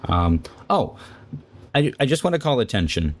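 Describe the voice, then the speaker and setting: A man's voice: mid-range voice, big pitch swings, moderate pace. A man co-hosting a casual literary discussion, reflective and stammering as he searches for words. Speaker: podcast co-host.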